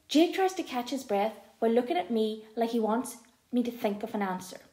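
A woman reading a first-person audiobook aloud in an expressive, lively storytelling manner. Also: a little high, moderate pace. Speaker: audiobook narrator. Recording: echoey room.

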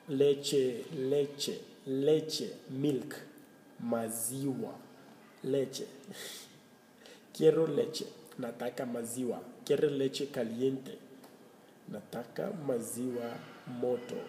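Slow, gravelly man teaching words. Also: medium pitch, steady tone, warm tone, reverberant, big-room sound, a little hiss or hum. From Kenya. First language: Swahili. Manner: repeats words slowly, spells them out letter by letter, laughs often. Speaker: language teacher. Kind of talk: casual language lesson.

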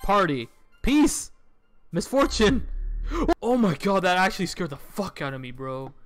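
Excitable young man reacting to a game. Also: sits high, unhurried, soft background music. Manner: excitable, swears a lot, reads game text aloud then reacts with sudden shouts. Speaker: gamer playing a visual novel. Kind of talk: let's play commentary.

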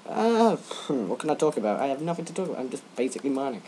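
A teenage boy rambling and joking through gaming commentary, breaking into sudden loud yelps. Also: mid-range voice, sing-song, fast talker, slight background noise. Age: teens. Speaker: let's play gamer.

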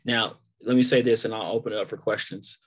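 A man's voice: lowish voice, quick pace, husky. A man giving a casual sales training talk, laid-back and laughing between points. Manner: animated storytelling.

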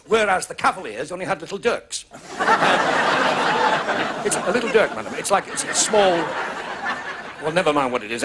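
A man with a Northern English accent doing a stand-up comedy routine in rapid, excitable patter. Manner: rapid, excitable patter with big pitch swings. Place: TV studio with live audience. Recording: 1980s TV broadcast, loud audience laughter.

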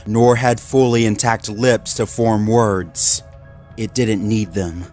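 A man reading a horror story aloud in a measured, dramatic voice-over. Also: lowish voice, a little mellow. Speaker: narrator. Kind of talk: scripted horror story narration. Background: faint background music.

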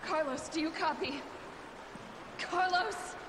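A woman's voice: very high-pitched, slow. An actress voicing a tough, defiant young woman on the run, delivering clipped, determined lines in a video game. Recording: game audio in the background with echo and noise.

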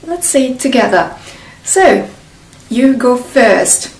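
A woman from northern Italy with a Northern Italian accent, a native Italian speaker, teaching a slow, deliberate beginner language lesson in English and drilling words with pauses. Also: a little high, sing-song, a little mellow, echoey room, far from the mic, rough recording.

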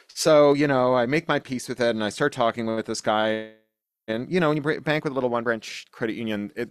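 A man, an author, telling a personal story in casual, animated speech, acting out the dialogue as he goes. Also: lowish voice, clear, resonant tone, dry recording, studio quality. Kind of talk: casual spoken anecdote for a podcast.

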